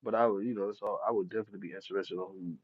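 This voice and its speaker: A man's voice: on the low side, steady tone, rapid-fire, dry recording, lo-fi sound. A man chatting casually about boxing, heavy on street slang and profanity, laughing often. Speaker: boxing commentator. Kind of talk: casual chat.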